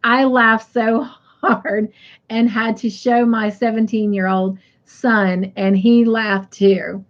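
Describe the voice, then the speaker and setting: Unhurried middle-aged woman hosting a live stream. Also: a little high, level tone, muffled recording. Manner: chatty, reads viewer comments aloud and laughs easily. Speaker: host of a crafting live stream. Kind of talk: casual live-stream chat.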